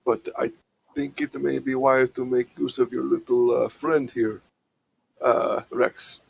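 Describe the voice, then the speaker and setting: A man's voice: medium pitch, steady tone, a little slow, vocal fry, slightly rough. A man taking part in a tabletop game, talking in a laid-back, rambling way. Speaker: player. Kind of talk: casual tabletop game chat.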